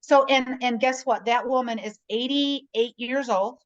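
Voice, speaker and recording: A woman's voice: fairly high pitch, a little slow, highs cut off. A middle-aged woman, a guest realtor, chatting casually on a video call and telling stories, often checking in with "right?". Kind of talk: casual conversation.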